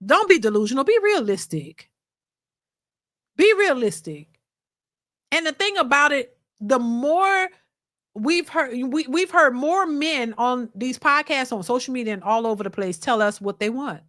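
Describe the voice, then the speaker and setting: A woman's voice: high-pitched, lively intonation, normal speed, a bit bright, no echo, clean studio sound. A woman hosting a reaction channel, chatting to her live viewers in a blunt, emphatic way and lecturing them. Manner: mocks others by quoting them in a put-on voice. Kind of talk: casual commentary to a live chat.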